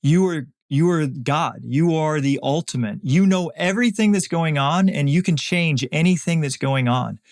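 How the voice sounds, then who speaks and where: A man's voice: fairly high pitch, normal speed, few pauses, a little mellow, lightly acted. A man voicing a grieving, angry male disciple who pleads with and accuses God, raising his voice in anguish. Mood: anguished, accusing.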